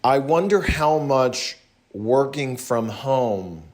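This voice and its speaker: Young man, from the American South, unhurried, wandering talk, pauses and restarts, middle pitch. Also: animated. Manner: slow, meandering, many pauses and restarts; talking in a put-on different voice today. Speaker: vlogger talking to viewers. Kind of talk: casual rambling livestream chat.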